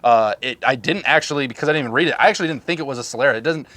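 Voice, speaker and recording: A man's voice: mid-range voice, racing, fairly bright tone, dry recording. A man co-hosting a casual rum review show at a home bar, upbeat and joking with a salesy push. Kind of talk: casual tasting chat.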